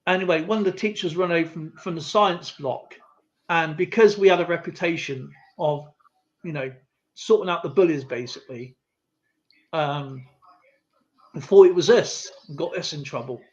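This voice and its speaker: Guy rambling thru a story on a live stream, kinda higher voice, dull lo-fi sound. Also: moderate pace. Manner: chatty storyteller, lots of fillers and asides. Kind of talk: casual chat, rambling anecdote. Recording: slightly muffled lo-fi stream audio.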